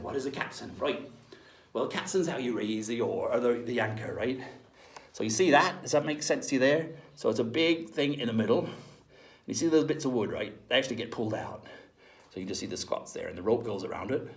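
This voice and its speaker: A hearty man plays a jolly pirate captain, explaining things to children in a chatty, playful way. His voice is gravelly and bright, and it sounds a little distant in a roomy space. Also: medium pitch. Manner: chatty, hearty, checks in with "right?" after each point. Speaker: costumed pirate character teaching children. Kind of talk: playful online children's lesson.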